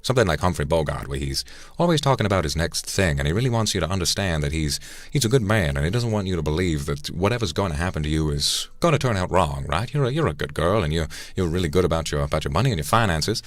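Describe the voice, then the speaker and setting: A man's voice: low voice, lively intonation, fast, no echo. A man chatting casually on a live stream, reflecting aloud and thanking viewers by name between thoughts. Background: faint background music.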